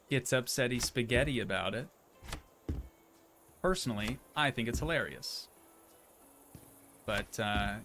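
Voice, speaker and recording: A man's voice: medium pitch, fairly bright tone, a little hiss or hum. A young man chatting casually as he streams a game, rambling and poking fun at himself. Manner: rambling, chatty, self-deprecating. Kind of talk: casual gameplay commentary.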